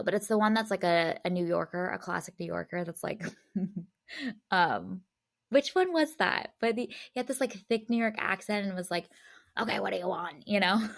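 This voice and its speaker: A woman's voice: mid-range voice, vocal fry. A woman co-hosting a film podcast, chatting casually, laughing often and reading the show's sign-off. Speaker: podcast co-host. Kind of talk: casual chat.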